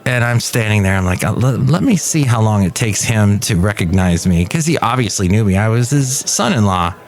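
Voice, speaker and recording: This podcast host, a middle-aged man from the United States, recounts a personal story in a fairly low, animated voice at a moderate pace. It's a loose, rambling anecdote with restarts and performed quotes.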